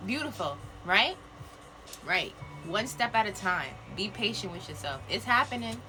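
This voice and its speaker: A woman's voice: mid-range voice, very animated, measured pace, music in the background. A woman giving a casual live-stream card reading, chatty and playful, laughing often and tossing slangy asides to her viewers. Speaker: spiritual card reader. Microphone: phone live video.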